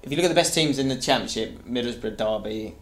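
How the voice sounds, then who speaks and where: Animated man ranting about football. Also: mid-range voice, quick pace. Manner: animated, ranting, frequent restarts. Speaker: podcast co-host. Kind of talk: casual football chat.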